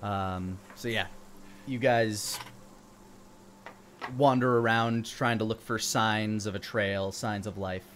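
A man's voice: on the low side, slow pace, pauses often, slight background noise. Man narrating as dungeon master. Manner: relaxed narration with fillers and restarts. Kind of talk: narrating a tabletop game.

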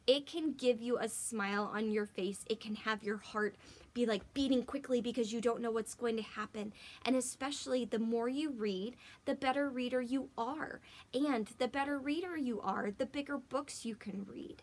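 With gasps and whispers, a young adult woman teacher gently and expressively reads a picture book to children. She speaks at a moderate pace in a voice on the high side.

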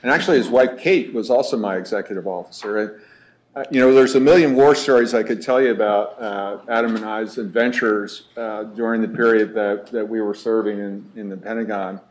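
A man introducing the next speaker at a conference, relaxed and anecdotal, pausing often with "uh". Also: fairly low pitch. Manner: relaxed, anecdotal, many "uh" pauses.

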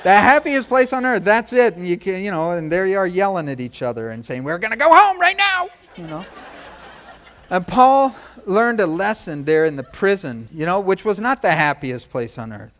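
Male pastor, high voice, animated sermon delivery with humor. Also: normal speed, few pauses. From United States. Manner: animated preaching, jokes and quoted voices.

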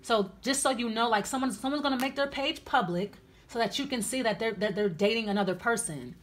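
A woman's voice: fairly high pitch, brisk, background noise. A woman giving a casual tarot reading, blunt and chatty, with many fillers and restarts. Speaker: tarot reader.

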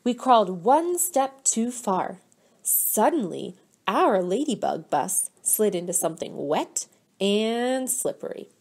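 Slow-reading woman teacher. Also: mid-range voice, sing-song. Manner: slow, gentle, pauses to quiz children. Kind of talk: reading a picture book aloud to children.

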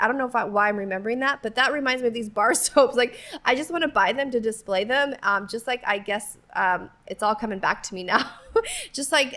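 Forties woman vlogger, high-ish voice, chatty, giggly, rambling in-store walk-through. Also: sharp tone. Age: 40s. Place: inside a retail store.

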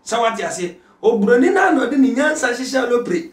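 A man with a Ghanaian accent, speaking as a prophet guest who prays and preaches in an interview, at times shouting. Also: very high-pitched, expressive, quick pace, few pauses, echoey room, far from the mic.

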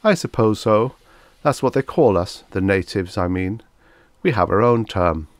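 A man's voice: fairly low pitch, expressive, measured pace, no echo. A man voicing a courteous, good-natured alien creature that speaks formally in a vintage science fiction audiobook. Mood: genteel.

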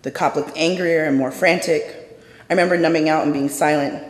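A storyteller performing a true personal story live on stage, intense and measured, going hushed in the quiet moments. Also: medium pitch, fairly even intonation. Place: stage in a large hall. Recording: roomy hall with long reverb.

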